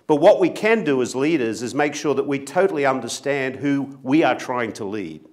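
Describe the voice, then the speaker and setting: A middle-aged Australian man giving an earnest, gently self-mocking speech to an audience as a company chief executive. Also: medium pitch, lively intonation, moderate pace. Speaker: company CEO speaker.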